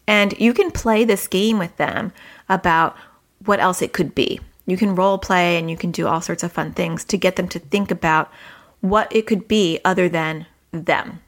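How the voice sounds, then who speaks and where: A woman in her thirties, a parenting coach, giving advice in a chatty podcast style and jumping up in pitch when she acts out what children say. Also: normal speed. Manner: conversational, acts out quoted dialogue with lively pitch jumps.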